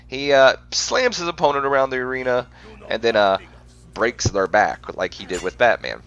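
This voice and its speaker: A man's voice: medium pitch, expressive, moderate pace, a bit bright, muffled recording. A man hosting a game playthrough, reading facts aloud and often stumbling and correcting himself. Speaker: gaming channel host.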